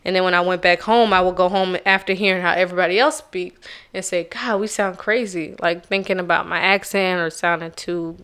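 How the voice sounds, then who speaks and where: A woman from Charleston, South Carolina, sharing a personal story on a podcast in a soft, reflective and carefully slow way. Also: fairly low pitch, level tone, smooth. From Charleston, South Carolina, USA. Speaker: podcast co-host.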